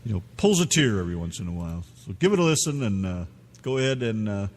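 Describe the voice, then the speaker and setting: A male radio host rambles through casual banter, cursing freely, with a pitch that bounces a lot. His voice has a long reverb tail, and faint music sits behind it. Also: very animated, fast talker. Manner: loose, profane, rambling.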